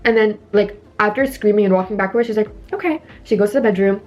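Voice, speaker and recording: Indoors at home, a beauty vlogger in her youth does her makeup while recounting a horror film scene by scene, peppering it with "like" and acting out snippets of dialogue. She talks fast in a steady, slightly mellow mid-range voice, and the audio is dull.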